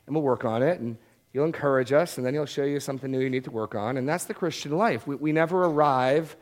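A man's voice: medium pitch, fast talker. A man preaching a Bible-teaching sermon in a conversational way, often repeating words as he restarts a thought.

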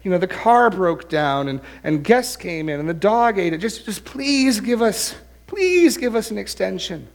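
A man's voice: very animated, normal speed, vocal fry, full character voice. A man doing frightened pleading students. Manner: begging, shaky, high-pitched.

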